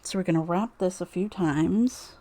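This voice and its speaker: A woman's voice: lowish voice, moderate pace, warm tone, dry recording. A woman streaming a live craft demo, muttering to herself while she works.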